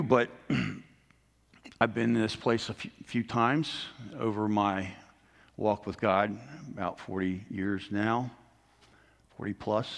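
A man's voice: medium pitch, a bit bright. A middle-aged man preaching a sermon as a pastor, earnest and rising to emphasis on key points. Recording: long hall reverb.

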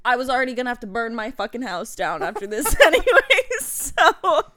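A woman's voice: fairly high pitch, very animated, a little fast, a bit bright. A young woman co-hosting a podcast, animatedly telling a story with lots of swearing and laughing. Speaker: podcast co-host. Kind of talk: casual storytelling chat.

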